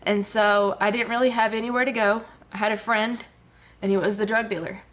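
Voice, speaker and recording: A woman's voice: medium pitch, fairly even intonation, a little fast, fairly bright tone. A woman, a guest giving an earnest personal testimony with many fillers. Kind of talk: personal testimony on a talk show.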